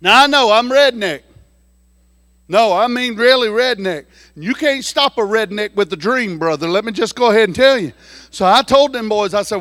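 A pastor, telling a folksy story in a sermon and swinging between hushed lines and shouted ones. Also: male voice, sits high, expressive, normal speed, dry recording, studio quality.

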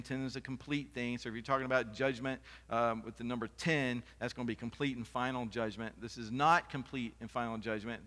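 A man's voice: medium pitch, bright, forceful tone. A man preaching a sermon as pastor, in a conversational style with off-the-cuff asides. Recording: long reverb of a hall.

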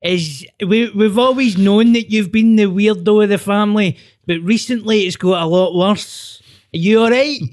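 A man doing his fussy worried dad, higher up. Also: moderate pace, close to an everyday voice. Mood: fussing. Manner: overly concerned, patronising.

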